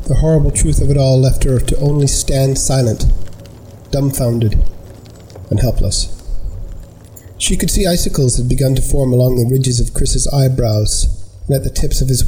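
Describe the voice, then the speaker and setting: A man narrating a scripted story in a measured, unhurried way. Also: mid-range voice, steady tone, mellow, slight background noise, low-quality recording.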